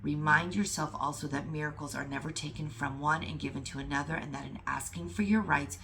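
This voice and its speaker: Woman, low-pitched voice, spiritual teacher, reads a lesson, fervent emphatic commentary, casual swearing. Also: brisk, creaky, a bit bright, slight background noise.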